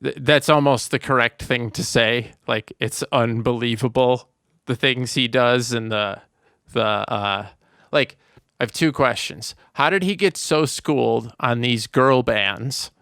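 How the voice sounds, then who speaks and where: A man's voice: mid-range voice, measured pace, fairly bright tone, clean tone, no room sound, studio quality. A man co-hosting a podcast, chatting casually about a movie and rambling with lots of "like" and restarts. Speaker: podcast co-host.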